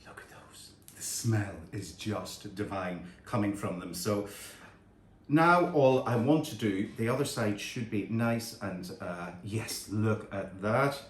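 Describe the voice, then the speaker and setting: A man's voice: lowish voice, animated, takes it slowly. A man hosting a home cooking demonstration, talking chattily and admiring the food as he goes. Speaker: cooking show host. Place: home kitchen. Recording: echoey room with faint kitchen clatter.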